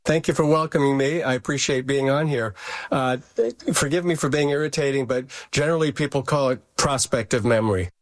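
Measured older man, professor guest. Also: medium pitch, fairly even intonation, dry recording. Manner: measured, careful, many filler uhs. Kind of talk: radio interview.

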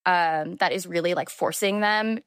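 A woman's voice: fairly low pitch, normal speed, fairly bright tone, clear, resonant tone, dry recording, studio quality. A young woman in her twenties, a journalist guest, chatting freely with many fillers and "like"s. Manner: chatty, lots of filler words and "like". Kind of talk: conversational interview.

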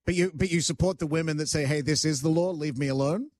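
A man's voice: on the high side, fast, a little mellow, dry recording. Male talk radio host, emphatic and self-mocking, dry close mic. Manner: emphatic, argumentative, self-joking. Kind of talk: radio talk show banter.

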